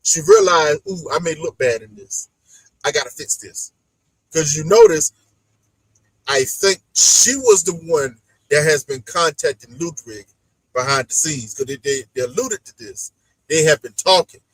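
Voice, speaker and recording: A man hosting a casual reality-show recap chat, animated and acting out the people he talks about. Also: on the high side, unhurried, gravelly, slightly rough, no room sound, low-quality recording. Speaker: podcast host.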